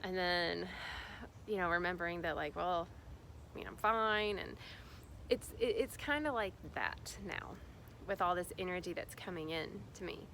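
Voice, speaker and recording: A woman's voice: fairly low pitch, normal speed, bright, forceful tone, a little hiss or hum. Rambling, chatty woman spiritual vlogger. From Indiana, USA. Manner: rambling and chatty, many fillers and restarts. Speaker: spiritual guide. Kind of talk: casual spiritual vlog talk.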